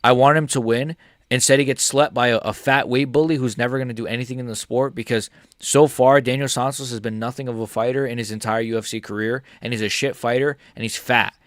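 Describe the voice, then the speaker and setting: A young man reacting live to a fight for his viewers, swinging between yelling insults and muttering in frustration, swearing heavily and talking to viewers by name. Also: mid-range voice, steady tone, fast talker, no room sound, studio quality. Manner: swings between angry shouting and muttered grumbling, heavy swearing. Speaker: MMA streamer reacting live.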